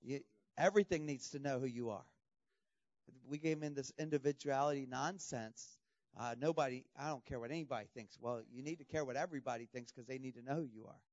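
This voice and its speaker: A man preaching a lively sermon to students, with laughs and sudden shouting bursts. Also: medium pitch, fairly quick, no room sound, highs cut off. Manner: animated, laughing, bursts into loud shouts when imitating. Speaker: pastor.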